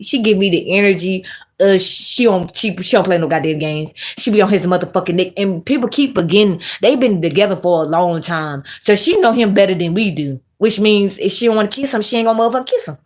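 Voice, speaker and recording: A woman vlogger talks in a lilt. She rants bluntly and profanely. She keeps an animated, opinionated flow and snaps at her chat. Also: medium pitch. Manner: reads live chat and scolds viewers. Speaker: commentary vlogger. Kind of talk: casual opinionated commentary.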